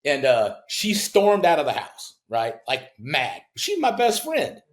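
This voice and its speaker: A middle-aged man, a home builder and podcast guest, telling stories in casual talk and acting out the people he quotes with big leaps in pitch. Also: unhurried, roomy sound. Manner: animated storyteller who acts out quoted people with big jumps in pitch. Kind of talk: casual storytelling in a podcast interview.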